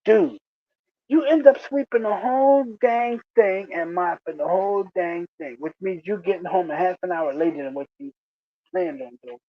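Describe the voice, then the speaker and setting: A man casually telling stories about his old fast-food job, animated and laughing often. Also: high-pitched, no room sound, highs cut off. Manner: animated, laughs often, acts out coworkers' voices. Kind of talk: casual storytelling chat.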